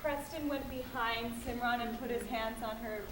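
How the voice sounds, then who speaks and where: A woman's voice: on the high side, steady tone, moderate pace, very noisy. A young woman, an opera student, offering hesitant, chatty suggestions during a rehearsal. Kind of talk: casual rehearsal feedback. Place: rehearsal room with classmates. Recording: roomy rehearsal room, people around.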